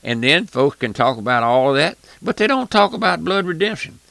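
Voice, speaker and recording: A man's voice: fairly high pitch, sing-song, fairly quick, vocal fry, bright, forceful tone, dry recording. A man preaching a radio sermon, fervent and emphatic, repeating phrases and addressing listeners directly.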